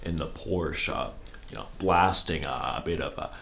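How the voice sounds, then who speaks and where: A man playing a slow, dim-witted male field reporter who halts and fumbles through every sentence in deadpan. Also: low-pitched, vocal fry, a little hiss or hum. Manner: halting, filler-heavy, deadpan.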